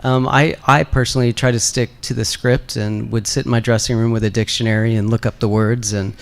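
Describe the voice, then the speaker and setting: A man speaking as the guest actor on a fan convention panel, relaxed and candid, with frequent fillers. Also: mid-range voice, a little fast, vocal fry. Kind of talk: casual panel answers.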